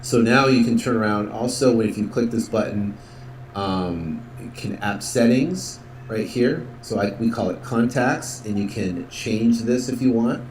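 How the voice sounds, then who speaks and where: A man's voice: lowish voice, measured pace, darkish tone, a little hiss or hum. Male instructor, casual screen-tutorial voice, filler-heavy, roomy room tone. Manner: casual, upbeat, many fillers, acts out sales calls. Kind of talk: software walkthrough tutorial.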